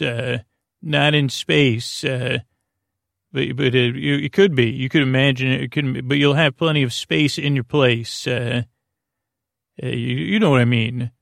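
A man hosting a sleep podcast, talking in a meandering way with lots of fillers and restarts, with a creaky voice. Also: medium pitch, no room sound, studio quality. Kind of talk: rambling bedtime monologue.

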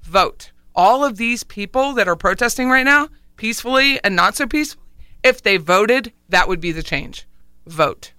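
A chatty woman talk-radio host with a Philadelphia accent, her voice very bright, smooth and clear. She leans hard on single words for punch. The studio sound is dry, with soft music underneath. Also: fairly high pitch, expressive, a little fast, no echo. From Philadelphia area. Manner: chatty, emphatic, repeats one word for punch. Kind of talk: casual radio talk show chat. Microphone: studio microphone, also streamed live online.

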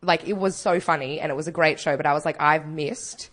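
A woman's voice: low voice, fairly even intonation, fairly quick, a bit bright. A woman co-hosting a comedy podcast, chatting playfully and rambling through stories. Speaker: podcast co-host. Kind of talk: casual chat.

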